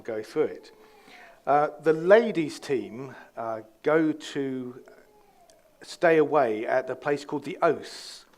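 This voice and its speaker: A man giving a conversational sermon as pastor, with fillers and restarts. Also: mid-range voice.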